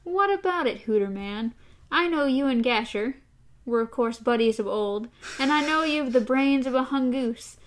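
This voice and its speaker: A woman voicing a male gang leader who speaks in a soft, thick, quietly menacing voice. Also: a little high, animated, measured pace.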